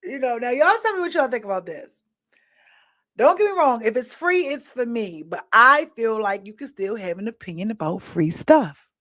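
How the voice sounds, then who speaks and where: A high-pitched woman hosts a candid opinion show. She tells stories animatedly and keeps checking in with her listeners. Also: moderate pace. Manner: animated storytelling, frequent rhetorical "right?" and laughter. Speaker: podcast host. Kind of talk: candid opinion talk addressing viewers.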